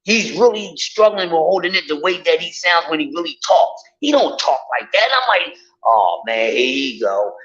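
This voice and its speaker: Animated, profane man ranting. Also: high-pitched, brisk, few pauses. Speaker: vlogger. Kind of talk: casual rant to viewers. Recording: dull lo-fi audio.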